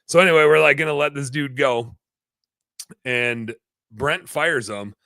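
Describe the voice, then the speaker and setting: A man hosting a podcast, telling a long story in a rambling, animated way, full of fillers. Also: mid-range voice, a little slow, gravelly, no echo. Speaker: podcast host, business owner.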